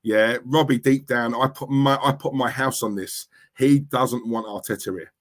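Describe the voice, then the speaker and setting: A young man from East London speaks with a Cockney accent at a medium pitch and normal speed. He's hosting a casual livestream, reading out chat comments as he talks, blunt and prone to repeating himself.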